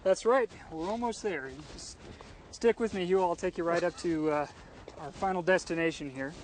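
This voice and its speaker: A man with a fairly high voice guides a visitor through a mountain forest outdoors. He explains patiently and kindly. He often affirms what he is asked before he goes on. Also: moderate pace, a little hiss or hum. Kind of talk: explaining to an interviewer.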